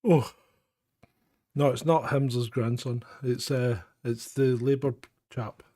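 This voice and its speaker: A man's voice: mid-range voice, steady tone, takes it slowly, warm tone, no echo, clean studio sound. Rambling Scottish man hosting a live show. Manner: rambling, self-mocking, chuckling. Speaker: host of a live phone-in show. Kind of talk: casual live-stream chat.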